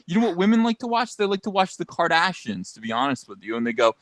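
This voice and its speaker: A man co-hosting a podcast, ranting in a loud, mocking, animated way with sarcastic asides, into a studio mic. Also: fairly high pitch, fast, hardly any pauses, no echo. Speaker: podcast co-host. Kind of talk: casual ranting commentary.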